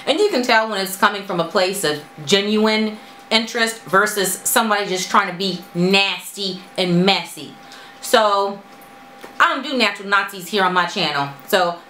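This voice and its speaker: Animated woman vlogger, bright voice. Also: moderate pace, roomy sound, slight background noise, poor audio. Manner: animated, talks straight to viewers with lively pitch jumps. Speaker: natural hair vlogger. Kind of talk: casual chat to camera.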